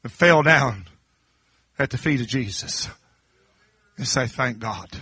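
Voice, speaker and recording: A middle-aged man preaching a sermon, dropping to low confiding talk and then rising to high shouted crescendos. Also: lively intonation, slow, breathy edge, dry recording, clean studio sound.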